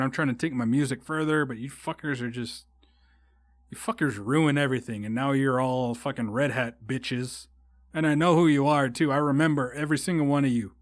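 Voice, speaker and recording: A man's voice: medium pitch, no echo, clean studio sound. A young man, hosting a solo podcast in a rambling, heavily profane style that often turns heated. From Texas. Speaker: podcast host. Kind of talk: casual solo podcast rant.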